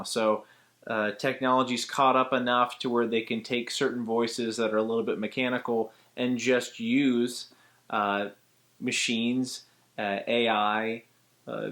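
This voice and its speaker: A male voice actor talks through a vocal technique in a casual tutorial, at a middling pitch. He explains things step by step in a relaxed, chatty manner, like a teacher walking students through an exercise.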